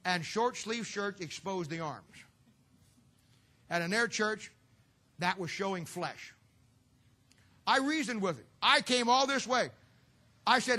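A man's voice: high-pitched, animated, slow, pauses often, bright, forceful tone. A middle-aged man preaching a humorous sermon to a church audience, telling stories with folksy, sarcastic asides.

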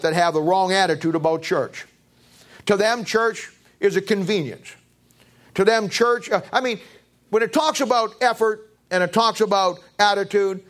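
A man preaching a sermon as pastor, pressing the congregation with repeated rhetorical questions, his pitch swinging from low to high. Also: fairly bright tone. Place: church.

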